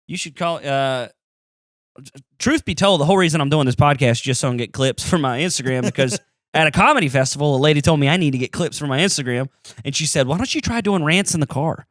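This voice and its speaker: A man's voice: medium pitch, quick pace, a bit bright, no room sound, studio quality. A man hosting a casual comedy podcast, telling loose, profane stories and laughing often.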